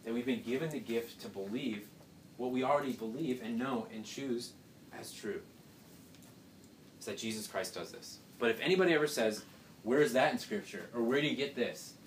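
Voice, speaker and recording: In a mid-range voice at an ordinary pace, a young man teaches scripture informally, tossing out rhetorical questions and jokes as he goes. The distant microphone picks up a spacious room and soft background noise.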